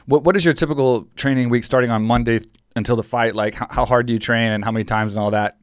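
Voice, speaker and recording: A man's voice: medium pitch, steady tone, fast talker, no room sound, studio quality. A man hosting a podcast, asking questions in a chatty way and often repeating words as he goes. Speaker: podcast host. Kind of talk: casual interview with ad read.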